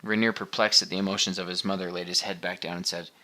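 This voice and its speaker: Deep-voiced male audiobook narrator. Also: level tone, fast talker, bright, forceful tone. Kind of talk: scripted narration.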